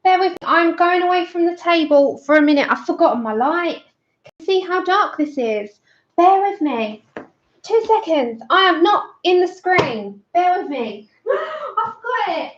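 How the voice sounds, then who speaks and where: A woman's voice: very high-pitched, sing-song, unhurried. A woman hosting a colouring livestream, chatting casually and greeting viewers by name with scatterbrained asides. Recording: roomy, dull lo-fi sound.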